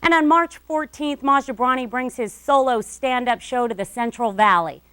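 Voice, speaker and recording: A woman with a fairly high voice narrates a TV feature in a polished, upbeat way. The sound is close and dry, with no room echo. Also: moderate pace, pushed and bright, smooth. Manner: upbeat, polished presenter delivery. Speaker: TV reporter and interviewer. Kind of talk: scripted news feature narration.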